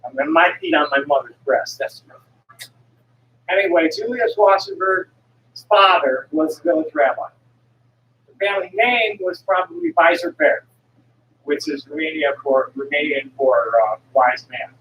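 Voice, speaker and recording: A traveling herbal remedy seller in her sixties talks in a voice that sits low, animated yet unhurried, rambling and digressing with frequent restarts and the odd blunt curse. The audio is dull, with slight background noise, faint ambience and echo from a room miked at a distance.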